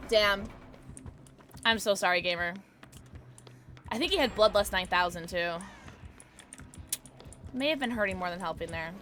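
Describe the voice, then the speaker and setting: A woman's voice: medium pitch, animated, slow, pauses often, a bit bright, soft background music. A woman streaming live from home, chatting with viewers and reacting to her game in playful slang. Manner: bubbly, playful slang, talking to chat. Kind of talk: live gameplay commentary with chat.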